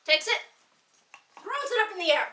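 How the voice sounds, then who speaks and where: A woman's voice: extremely high pitch, very animated, moderate pace, pushed and bright. A woman telling dad jokes to a small group, laughing at her own punchlines and rambling with fillers. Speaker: joke teller at a bardic circle. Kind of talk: casual live joke telling. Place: indoor gathering room with listeners. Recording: roomy echo, voice from a distance.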